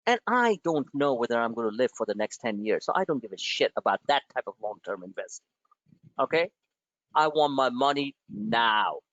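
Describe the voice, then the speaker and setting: A man's voice: medium pitch, big pitch swings, normal speed, fairly bright tone, dry recording, dull audio. A man hosting a trading webinar, blunt and emphatic, firing off rhetorical questions at his listeners.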